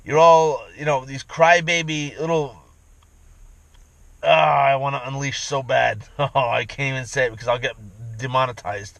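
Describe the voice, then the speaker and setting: A man's voice: mid-range voice, fairly even intonation, moderate pace, vocal fry, fairly bright tone, no echo, rough recording. A man ranting in a profane, rambling vlog monologue from inside his vehicle, repeating himself as he goes. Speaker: vlogger.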